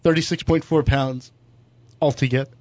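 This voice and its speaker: A man's voice: mid-range voice, fairly even intonation, moderate pace, a little mellow, no room sound. A man cohosting a radio talk show, playful and hesitant, with lots of ums and restarts. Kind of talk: casual studio banter. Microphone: studio microphone. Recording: dry, slightly dull radio studio sound.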